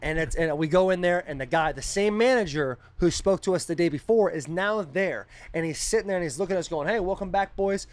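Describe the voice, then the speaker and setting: A man co-hosting a podcast, telling a story in casual, animated chat and swearing freely. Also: on the high side, a little fast, hardly any pauses. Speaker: podcast co-host.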